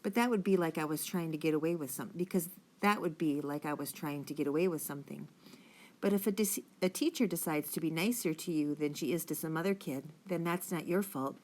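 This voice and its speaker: A woman reading the part of a calm father gently reassuring his son at night. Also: deep voice, a little fast, lightly acted. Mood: thoughtful. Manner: gentle, soothing, thoughtful.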